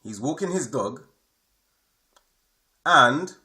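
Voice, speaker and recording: A man's voice: mid-range voice, expressive, extremely slow, sharp tone. A man giving a spiritual lesson, repeating his points emphatically and checking in with his listeners. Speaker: spiritual teacher. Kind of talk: explanatory spoken lesson.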